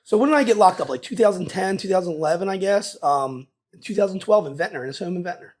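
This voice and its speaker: A man in his thirties with a Philadelphia accent, telling his story in a casual interview, animated and loose, saying "dude" a lot. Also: high-pitched, fast. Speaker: guest.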